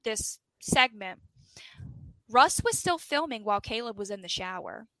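A young woman co-hosts a true-crime podcast, retelling a story with lively, animated energy and plenty of swearing. Her voice is bright and fairly high. The sound is dry and close to the mic. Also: unhurried, no echo, rough recording. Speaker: podcast co-host.

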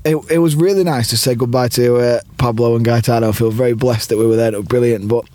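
A man's voice: medium pitch, steady tone, quick pace, mellow. A man chatting in a parked car outside a football ground, teasing his friend and laughing often. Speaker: podcast co-host. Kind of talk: casual matchday chat.

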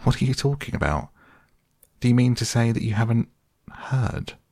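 Male reader as a sensible, insistent water rat: deep, gravelly storybook voice. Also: a little slow, a little mellow, no echo, clean studio sound, heavily acted.

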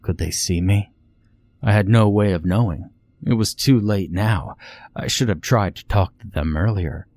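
A man reading a first-person horror story in a measured, tense way. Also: on the low side, a little mellow, no room sound. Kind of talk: scripted first-person narration. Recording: faint music underneath.

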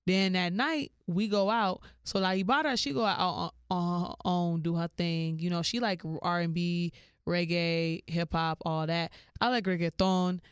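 Woman podcast host, slangy casual storyteller, clean dry mic, smooth voice. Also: unhurried, no room sound. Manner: animated, slangy, jumps into high-pitched quoted voices.

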